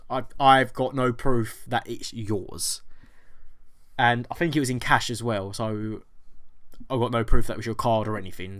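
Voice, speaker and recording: A young British man, a vlogger, telling a story in a lively way, acting out both sides of the exchange and swearing freely. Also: medium pitch. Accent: British English. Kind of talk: storytelling vlog.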